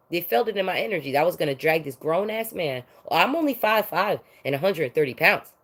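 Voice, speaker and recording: A woman giving a heated, profane monologue rant, swinging between loud outbursts and low muttering. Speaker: vlogger.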